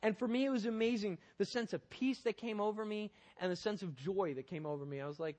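Male preacher with a high voice, earnest sermon delivery, urgent then hushed in prayer. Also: animated, fast talker, hardly any pauses. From Northern Virginia, USA. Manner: earnest, swings from loud urgency to quiet prayer.

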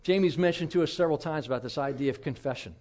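A man's voice: fairly high pitch, rapid-fire, a little mellow. A middle-aged man preaching a sermon as pastor, telling stories in a candid, self-deprecating, conversational way.

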